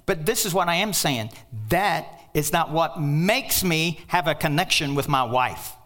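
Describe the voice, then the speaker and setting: A man's voice: a little high, a little slow. Emphatic older male preacher. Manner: emphatic preaching with sudden shouts and asides. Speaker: pastor. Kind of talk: sermon.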